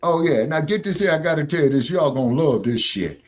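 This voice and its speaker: Husky, animated man telling a profane story. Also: on the high side, a little fast. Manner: animated, swearing, acts out both sides of arguments. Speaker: show host. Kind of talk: casual profane storytelling on a live online show.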